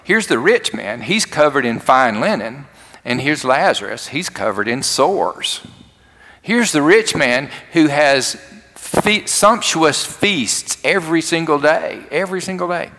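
A pastor tells a story during his sermon, acting out the quoted lines in an expressive, slightly high voice. His delivery is measured, pushed and bright, and the room adds a long, hall-like reverb.

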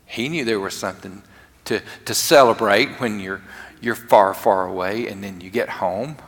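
A man preaching a lively, conversational sermon to his congregation, acting out quotes along the way. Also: on the low side, normal speed. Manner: animated, conversational, acts out quotes. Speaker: pastor. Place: church sanctuary. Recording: long reverb of a large church hall.

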